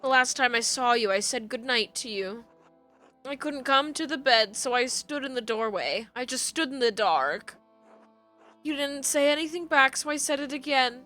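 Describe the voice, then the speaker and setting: A woman reading as a weary grieving father, in a quiet, tired, softly lowered voice. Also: moderate pace, faint music behind. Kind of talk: reading game dialogue aloud.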